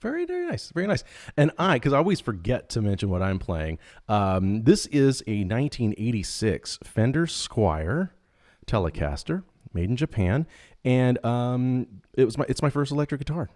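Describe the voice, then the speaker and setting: A man's voice: mid-range voice, big pitch swings, normal speed, a little mellow. A man hosting a live online guitar show, upbeat and joking, with frequent ums. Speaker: host.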